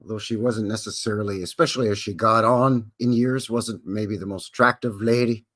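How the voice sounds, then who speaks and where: A man's voice: lowish voice, steady tone, brisk, fairly bright tone. A Canadian man hosting a live stream in a folksy, jokey way, greeting chatters by name. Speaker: livestream host. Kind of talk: casual live-stream chat.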